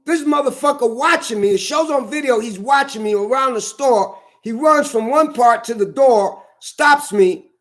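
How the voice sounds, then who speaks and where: A man's voice: very high-pitched, moderate pace, few pauses. A man venting in a heated, profane, repetitive rant to his camera. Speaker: vlogger. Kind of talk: angry ranting monologue.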